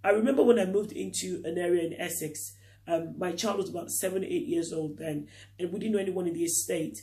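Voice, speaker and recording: High-voiced man asking earnest questions. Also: brisk, mellow. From Nigeria. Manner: earnest, full of rhetorical questions. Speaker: vlogger. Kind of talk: reflective talk to camera.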